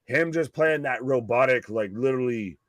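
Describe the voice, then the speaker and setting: A man's voice: medium pitch, normal speed, no echo. A man co-hosting a live wrestling stream, talking casually, swearing often and jumping in over his co-host. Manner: profane, excitable, talks over others.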